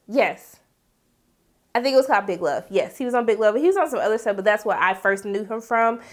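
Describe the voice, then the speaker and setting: A woman giving a casual, animated TV episode recap in slangy speech, often acting out the characters' lines. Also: medium pitch, fairly quick. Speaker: TV series reviewer.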